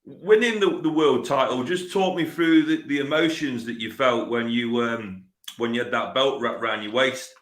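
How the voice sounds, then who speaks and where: A male interviewer puts short, prompting questions to his guest. His voice is mid-pitched and sits back from the mic. The room around him sounds echoey. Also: moderate pace, a bit bright.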